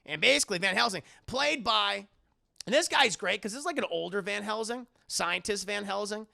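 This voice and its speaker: A man giving a rambling, profane, animated spoken film recap as a streamer. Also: high-pitched, a little fast, vocal fry. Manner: rambling, profane, animated, many fillers and restarts.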